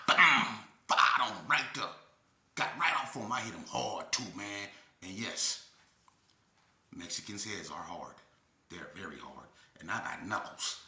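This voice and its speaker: Brief: older male storyteller, animated and casual, sharp bright tone, echoey room. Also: lowish voice, unhurried. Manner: animated, keeps asking "right?". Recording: roomy echo.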